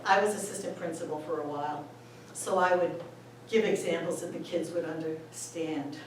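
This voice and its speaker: A woman's voice: sits low, steady tone, normal speed. A woman, a former school administrator, giving a chatty talk on poetry to choir singers, laughing often and reading lines aloud. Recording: echoey room, voice far from the mic, faint background noise.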